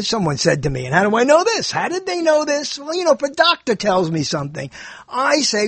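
Older man with a high, husky voice. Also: wildly swooping pitch, fast talker, fairly bright tone, no echo. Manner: digressive, joking, muses aloud about word meanings. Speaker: host of his own show. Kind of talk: rambling casual monologue.

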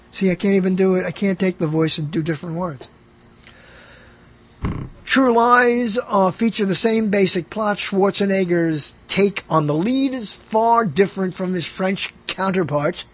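A man's voice: high voice, husky. A man hosting a radio show, rambling casually about movies, often trailing off with uh and short laughs. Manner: rambling, self-interrupting, lots of uh and laughs.

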